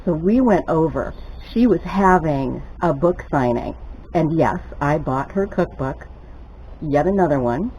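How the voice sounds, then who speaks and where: An older woman telling a lively story while she cooks at home, chatty and laughing often. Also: sits low, unhurried, slight background noise, low-quality recording. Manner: chatty, laughs often, gets excited retelling stories. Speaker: cooking vlogger. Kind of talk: casual storytelling while cooking.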